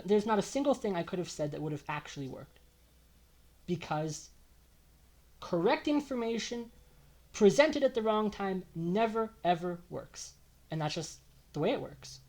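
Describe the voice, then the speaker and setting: A young Canadian man vlogs a confessional monologue to camera, telling his own story in an emotional rant. He swears often, and his pitch and loudness swing widely.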